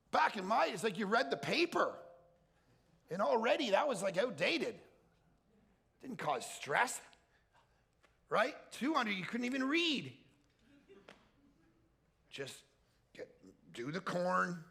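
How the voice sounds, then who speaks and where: Animated, gravelly-voiced man preaching a comic sermon. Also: unhurried, pauses often. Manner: animated, jokey storyteller acting out quotes in a high voice. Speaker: pastor. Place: large hall at a camp.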